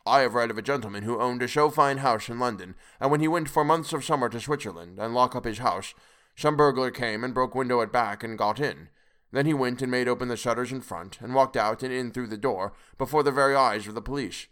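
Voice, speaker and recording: A man voicing an elderly foreign professor in an audiobook, speaking in a measured, deliberate, lecturing way. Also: mid-range voice, a bit bright, smooth, close to an everyday voice. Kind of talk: audiobook character reading.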